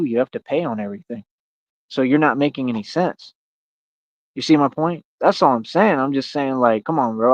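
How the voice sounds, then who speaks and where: A man's voice: mid-range voice, no echo. Man, boastful livestream rant; dry, slightly dull lo-fi sound. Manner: boastful, confrontational, calls out rivals. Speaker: streamer. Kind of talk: ranting livestream monologue. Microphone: streaming mic.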